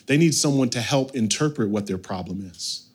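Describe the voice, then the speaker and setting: A man in his thirties, a pastor preaching a sermon and telling a family story with animated, sudden shifts between loud and soft. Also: medium pitch, moderate pace, slightly rough.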